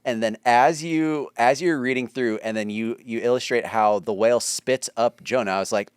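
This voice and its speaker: A man's voice: medium pitch, moderate pace, smooth, no echo, studio quality. A man co-hosting a casual church podcast, eagerly affirming and reacting. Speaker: podcast co-host.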